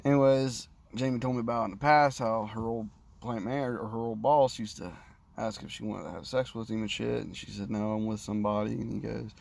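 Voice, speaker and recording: A man talks straight into his phone, spinning a rambling, profane story in a loose, crude way. His mid-pitched voice has a gravelly rasp. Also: a little fast, a little mellow. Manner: crude, rambling, swears a lot. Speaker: vlogger. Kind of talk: casual storytelling rant. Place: sitting, indoors or in a parked car.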